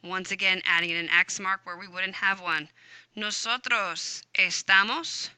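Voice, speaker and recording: A woman's voice: medium pitch, fairly even intonation, normal speed, sharp tone, clear, resonant tone, no room sound. A woman teaching a recorded grammar lesson, upbeat and chatty, muttering to herself as she types on screen. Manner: upbeat, chatty, talks to herself while typing. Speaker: Spanish teacher.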